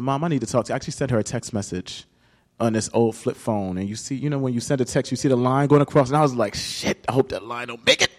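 A man's voice: medium pitch, darkish tone, long reverb tail. A man in his thirties, an author and guest in an interview, telling a personal story candidly and emotionally, with casual slang.

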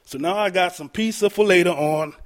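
Relaxed male storyteller, casual and conversational, with a slightly high voice. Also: brisk. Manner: laid-back, conversational, with filler ums. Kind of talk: casual first-person storytelling.

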